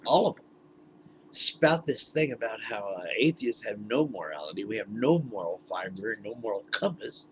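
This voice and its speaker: A man's voice: lowish voice, slight background noise, rough recording. A man ranting indignantly into his webcam, laughing often as he talks. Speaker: vlogger. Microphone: webcam mic.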